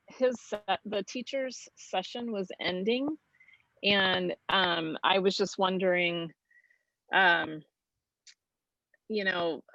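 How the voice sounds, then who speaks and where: A woman in a workshop asks a question over a video call, speaking in a hesitant, halting way with many fillers. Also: fairly low pitch, fairly bright tone, dry recording. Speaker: workshop participant. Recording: dull, dry video call audio.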